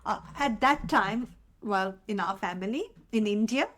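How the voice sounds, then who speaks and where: A woman's voice: medium pitch, moderate pace, fairly bright tone. A middle-aged woman who moved to Australia as a student, chatting candidly and laughing easily as a podcast co-host. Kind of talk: casual chat.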